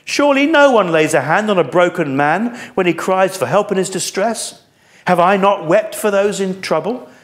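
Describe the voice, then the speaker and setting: A man's voice: sits high, expressive, normal speed, pitched above the performer's own voice. A male preacher voicing an anguished, suffering man who cries out to God in a raised, pleading voice. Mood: lamenting.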